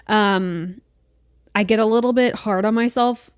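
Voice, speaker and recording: A woman's voice: on the high side, fairly even intonation, moderate pace, a little mellow, clean tone, dry recording, studio quality. A young woman in her twenties hosting her own podcast, chatting casually in a rambling, self-deprecating way. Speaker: podcast host. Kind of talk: casual solo podcast chat. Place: small room at home. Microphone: podcast mic.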